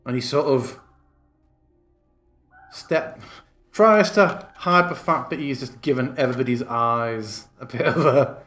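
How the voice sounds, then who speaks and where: A man running a tabletop game as game master, describing scenes in slow, relaxed phrases. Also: medium pitch, faint music behind.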